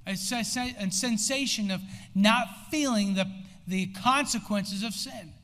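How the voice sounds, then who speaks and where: High-voiced preacher man in a reverberant church. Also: unhurried. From United States. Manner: preaching with rising intensity and sudden shouts. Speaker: pastor. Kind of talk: sermon. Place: church sanctuary. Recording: long hall reverb in a church.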